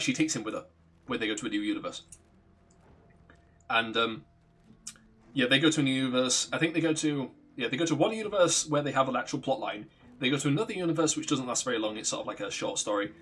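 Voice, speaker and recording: A man's voice: mid-range voice, fairly bright tone, slightly rough. A man streaming a video game, chatting loosely and swearing freely as he rambles and corrects himself. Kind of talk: casual chat while playing a game.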